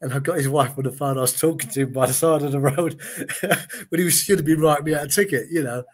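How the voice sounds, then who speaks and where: A slightly high-pitched, quick-talking man in his late sixties, formerly a TV gladiator, tells stories in a casual interview. He voices the people he quotes and keeps saying "you know."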